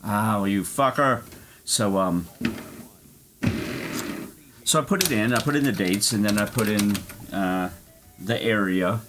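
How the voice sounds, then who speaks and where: A man's voice: lowish voice, lively intonation, a little slow, pauses often, over music. A man streaming an arcade golf game, telling a rambling story and swearing freely. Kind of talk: casual chat.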